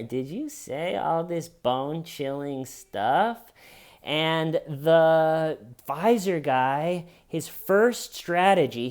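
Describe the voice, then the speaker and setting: A man's voice: a little high, clear, resonant tone. A man giving casual comedic commentary with a wry, sarcastic delivery.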